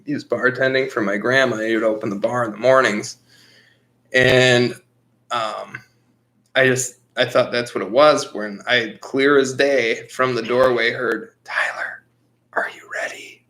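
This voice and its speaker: A man's voice: medium pitch, steady tone, measured pace, a bit bright. A man in his twenties co-hosting a podcast, telling a story in a blunt, rambling, profane way. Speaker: podcast co-host. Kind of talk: casual storytelling chat.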